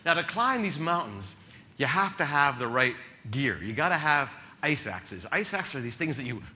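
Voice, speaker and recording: Animated bright-voiced male storyteller. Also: a little high, moderate pace. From New Jersey. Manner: animated, comic storytelling with sudden loud bursts. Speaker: keynote speaker. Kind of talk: storytelling keynote speech.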